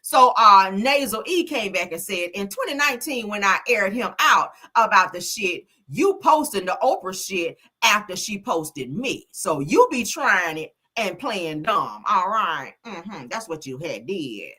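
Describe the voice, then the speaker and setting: Sassy lady doing celeb gossip, reads posts out, super animated, goes up and down a lot. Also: medium pitch, unhurried, hardly any pauses, husky. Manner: sassy, animated, drops asides like "child" and "girl". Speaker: commentary channel host. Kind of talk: casual gossip commentary, reading posts aloud. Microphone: streaming desk mic.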